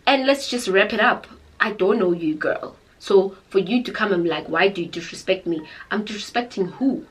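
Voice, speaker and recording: A young woman with a South African accent, telling a storytime tale in a dramatic, animated way. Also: mid-range voice, normal speed, rough recording. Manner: animated, dramatic, code-switching into Zulu. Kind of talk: casual storytime chat.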